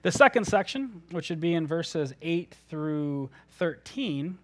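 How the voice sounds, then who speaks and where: A man gives a sermon as a church elder, speaking earnestly and casually, often pausing on fillers. His voice sits fairly high for a man. The sound is dry and close, with little room echo. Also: animated, fairly bright tone.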